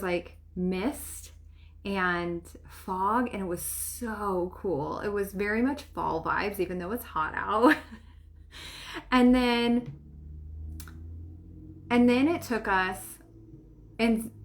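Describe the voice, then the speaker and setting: Middle-aged woman, spiritual coach and podcast host, mid-pitched, loose rambling chat full of fillers and laughs. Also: fairly bright tone. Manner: chatty and rambling, many fillers and restarts; laughs often, swears casually. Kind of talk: casual monologue to listeners.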